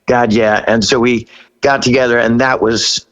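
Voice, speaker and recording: A man in his sixties, a rock singer as a guest, telling a story in a casual interview, laughing often and jumping high when he quotes himself. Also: flat delivery, moderate pace, a bit bright, clear, resonant tone, low-quality recording.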